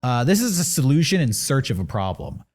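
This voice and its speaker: A man's voice: medium pitch, big pitch swings, brisk, a little mellow. A man in his thirties co-hosting a podcast, chatting casually about news stories in an opinionated, rambling way. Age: 30s. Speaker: podcast co-host.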